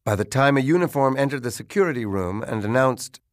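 A man reading a crime novel aloud as the narrator, in a measured, even storytelling delivery. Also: mid-range voice, dry recording, clean studio sound. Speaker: audiobook narrator.

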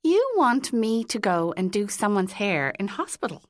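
A woman voicing a witty young woman who runs a hairdressing salon and talks in a teasing, brisk way. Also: medium pitch, sing-song, no room sound, clean studio sound, natural voice. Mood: wry.

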